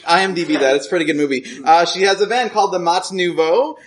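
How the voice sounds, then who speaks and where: A man's voice: fairly high pitch, racing. A man hosting a live storytelling show, joking casually as he introduces the next speaker. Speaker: show host. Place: live show venue with audience. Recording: live stage recording with crowd and noise.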